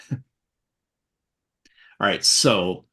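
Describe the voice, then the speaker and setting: A man's voice: fairly low pitch, sharp tone. A man running a tabletop game as game master, laughing often and voicing his characters. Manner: slow, laughing, voices gruff characters.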